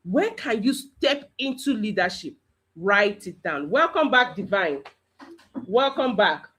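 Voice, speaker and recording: A woman's voice: mid-range voice, sing-song, takes it slowly, a bit bright. A Nigerian woman coaching children in a livestreamed talk, speaking emphatically and repeating lines for them to echo. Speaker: kids coach.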